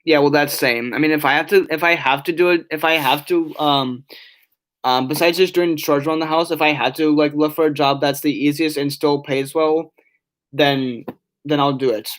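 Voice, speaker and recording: A man's voice: on the high side, steady tone, moderate pace, a bit bright. A tired young man chatting on a casual live stream, reading chat aloud and rambling with many restarts and fillers. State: yawning, tired.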